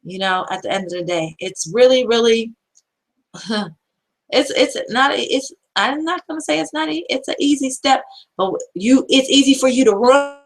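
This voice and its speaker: A woman's voice: fairly high pitch, animated, normal speed, poor audio. A woman hosting an empowerment show, giving earnest, repetitive, preacher-like encouragement in casual motivational talk.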